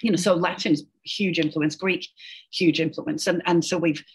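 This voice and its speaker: A woman's voice: fairly low pitch, fairly even intonation, normal speed, slight background noise. A middle-aged woman, an educational linguist, explaining as an interview guest in a chatty way, laughing often and tagging her points with "right?". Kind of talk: casual interview chat.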